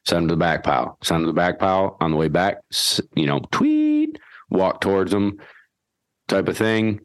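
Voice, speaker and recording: A man hosting a podcast and explaining dog training in a folksy, animated way, acting out his whistle commands. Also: low-pitched, fairly quick, no echo. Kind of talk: casual instructional chat.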